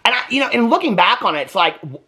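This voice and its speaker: A man rants through a TV recap in a lively, bouncing voice that swings widely in pitch. His tone is bright and blunt, and he sounds exasperated as he gives casual commentary. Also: fast. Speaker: TV recap vlogger.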